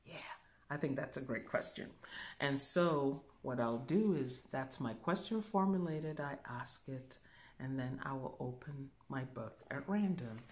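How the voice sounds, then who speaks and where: A woman spiritual teacher giving a calm demonstration, musing aloud and humming softly as she thinks. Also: very deep voice. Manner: slow, musing, thinks aloud with soft hums.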